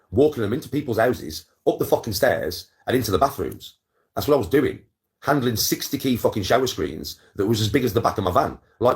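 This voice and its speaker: Fast-talking boastful man in his 40s. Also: lowish voice. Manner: boastful, swears a lot, keeps checking in with viewers. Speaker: content creator. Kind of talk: casual storytelling to camera.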